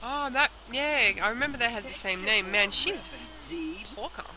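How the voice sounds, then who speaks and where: A young woman hosts a let's play, casually commenting on a video game, chatting aloud and talking to the characters. Her voice is on the high side, bright and forceful, at normal speed, in a noisy home recording.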